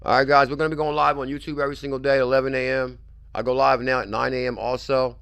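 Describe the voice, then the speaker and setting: A man's voice: mid-range voice, little pitch movement, fast talker, gravelly, fairly bright tone, smooth, faint music behind. A man hosting a crypto livestream in a pushy, repetitive hype style, keeps pressing his point. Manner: pushy, repetitive hype, keeps saying "I'm telling you". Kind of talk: hyped casual livestream talk.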